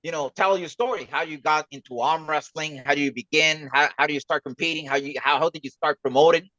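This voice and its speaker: A man hosting a casual livestream interview, welcoming guests with halting, repeated words. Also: a little high, bright, forceful tone, no room sound, lo-fi sound. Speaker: host.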